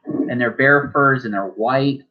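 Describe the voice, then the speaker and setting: A man's voice: medium pitch, a little slow. A man running a tabletop game as game master, narrating loosely with many fillers. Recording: dull lo-fi sound.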